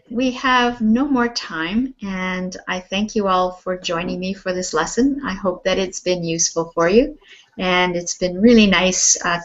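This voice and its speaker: A woman runs an online English lesson at an unhurried pace, modelling each word with patient, careful stress. Her voice carries the dull, lo-fi sound of call audio. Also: medium pitch. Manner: patient, models words slowly and clearly. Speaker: English teacher.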